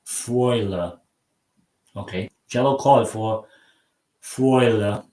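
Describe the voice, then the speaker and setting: A man hosting a casual live football watchalong. He rambles and mocks himself, and his sentences often trail off quietly. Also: fairly low pitch, drawn-out words. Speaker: live stream host. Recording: roomy sound from a mic at some distance.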